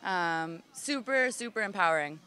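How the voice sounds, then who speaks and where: A woman's voice: on the low side, lively intonation, moderate pace, bright, forceful tone, clean tone. A woman in her thirties, a festival organizer, talking enthusiastically in a casual outdoor interview. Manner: enthusiastic, upbeat.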